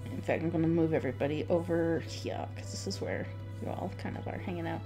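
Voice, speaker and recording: A woman's voice: low-pitched, steady tone, fairly quick, music in the background. A woman narrating a tabletop game as dungeon master, describing scenes with occasional stumbles and repeated words.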